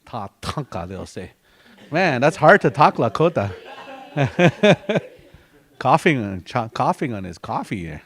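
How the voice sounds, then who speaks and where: A man's voice: mid-range voice, sing-song, slow pace, fairly bright tone. A man teaching a language class, patiently repeating words and breaking them into syllables for his students.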